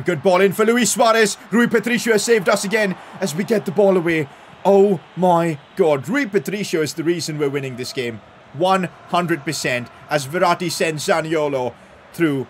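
A young man doing live commentary over a football video game, calm play-by-play breaking into loud excited outbursts. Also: on the high side, slight background noise. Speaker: gaming YouTuber.

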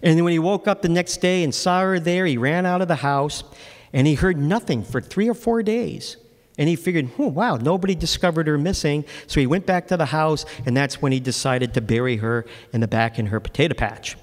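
A man's voice: on the high side, big-room sound. A man, a local author, giving a book talk and telling a story with casual, wry asides and plenty of ums and uhs. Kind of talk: storytelling lecture to an audience.

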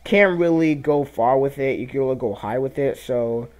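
A young man giving casual gameplay commentary, reacting loudly to the game and muttering asides. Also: medium pitch, normal speed. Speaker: let's play commentator.

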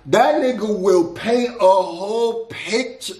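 A laid-back man talks through a reaction video, repeating lines back and musing over them. His voice sits a bit high for a man. The room around him is noticeably echoey. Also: takes it slowly, darkish tone. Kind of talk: casual reaction commentary.

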